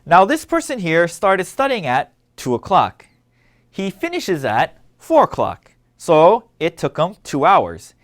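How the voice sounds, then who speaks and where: A man leads a scripted language lesson with a slightly high voice that moves a lot in pitch. He explains each word clearly and patiently. He keeps asking listeners to read along and repeat after him. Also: huge pitch swings, takes it slowly. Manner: clear, patient instructional delivery. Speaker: language teacher.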